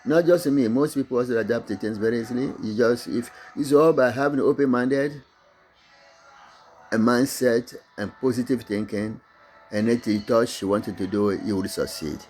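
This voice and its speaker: With faint music in the background, a middle-aged business owner from Togo gives a faltering motivational talk in accented English about his own business. His first language is Mina, and his medium-pitched, darkish voice is full of restarts and fillers.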